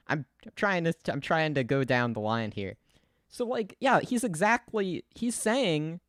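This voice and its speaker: A man's voice: on the high side, no echo. Young male streamer, loose giggly rambling commentary, dry untreated mic sound. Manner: rambling, giggly, lots of fillers and restarts. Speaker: livestreamer. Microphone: desk mic, untested.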